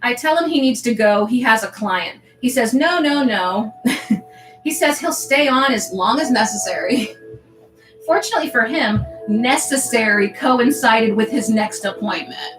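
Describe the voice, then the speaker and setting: A woman's voice: a little high, lively intonation, measured pace. A woman livestreaming as she reads her diary aloud, stopping for asides and laughing often between lines. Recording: roomy echo, faint music behind.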